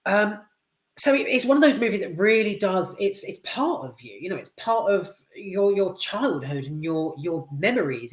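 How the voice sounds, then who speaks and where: A man's voice: on the high side, fairly bright tone. A British man reviewing a film in a loose, offhand ramble, swearing freely and talking candidly. His voice carries a noticeable room echo, as if recorded in a bare space. He sounds unscripted and chatty rather than polished. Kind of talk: casual spoken film review. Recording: roomy echo.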